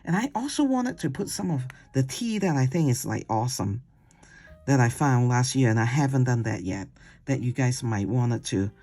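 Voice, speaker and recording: A watercolor instructor giving a casual painting demonstration, chatty and digressive, who coaxes gently and ends steps with "okay?". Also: mid-range voice, animated, normal speed.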